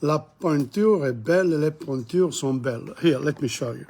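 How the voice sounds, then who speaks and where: Older male teacher, gravelly, husky, a little high-pitched, repeats words for practice, opinionated asides. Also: moderate pace, darkish tone. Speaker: language teacher. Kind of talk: informal video lesson. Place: bookshop.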